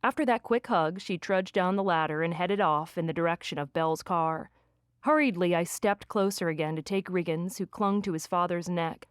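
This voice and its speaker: A woman reading a first-person romance audiobook with lively, expressive delivery on a close studio mic. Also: fairly low pitch, moderate pace, clear, resonant tone, no room sound. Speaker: audiobook narrator.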